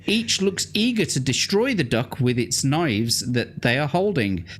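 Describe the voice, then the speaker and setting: Man, gamebook host, animated pitch, casual, swearing, laughing often. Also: measured pace, a little hiss or hum. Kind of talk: reading a gamebook aloud with banter.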